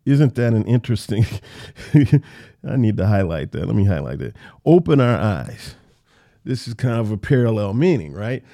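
A man's voice: lowish voice, lively intonation, moderate pace, vocal fry, warm tone. A man teaching the Bible verse by verse in a conversational way, repeating phrases for emphasis.

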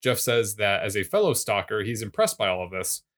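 A man with a fairly low voice recaps a TV episode in casual chat. He teases his co-host dryly and thinks aloud about the characters. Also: big pitch swings, a little fast, a bit bright. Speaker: podcast co-host.

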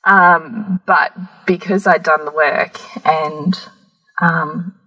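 A woman, telling a personal story candidly on a podcast, animated and laughing often. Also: deep voice, extremely slow, breathy edge, poor audio. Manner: animated, laughs often, acts out quoted voices. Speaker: podcast guest.

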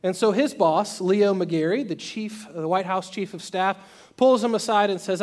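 A man preaching a sermon, telling a story and acting out its voices, swinging between loud and soft. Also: sits high, animated, normal speed. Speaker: pastor.

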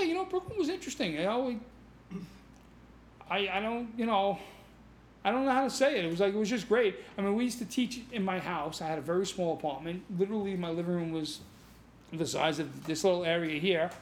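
A middle-aged man, a martial arts instructor telling stories on a podcast, animated and laughing, swearing casually. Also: high-pitched, brisk, slight background noise. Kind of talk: casual storytelling.

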